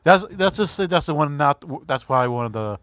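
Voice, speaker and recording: A man as a podcast guest, talking haltingly, repeating words and pushing back against his friend. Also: a little high, lively intonation, a bit bright, dry recording. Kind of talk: casual chat.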